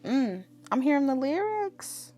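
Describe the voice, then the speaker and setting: A woman's voice: sits high, very animated, unhurried, warm tone, soft background music. A woman giving a casual tarot reading, chatting straight to her viewers. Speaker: tarot reader.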